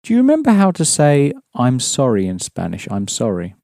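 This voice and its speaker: A man's voice: medium pitch, huge pitch swings, normal speed, gravelly, darkish tone, dry recording, clean studio sound. A man teaching a language lesson, explaining patiently and prompting his students with questions.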